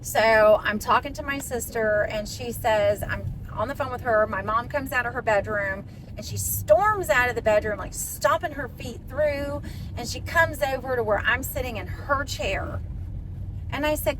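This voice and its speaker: A woman's voice: on the high side, measured pace, background noise. A middle-aged woman, a podcast guest, telling a personal story in a blunt, profane, fired-up way.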